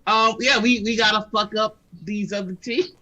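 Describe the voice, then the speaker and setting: A man's voice: sits high, fairly even intonation, moderate pace, crowd noise, low-quality recording. A man co-hosting a live stream in casual chat, hungover, swearing freely and laughing a lot. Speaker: stream co-host.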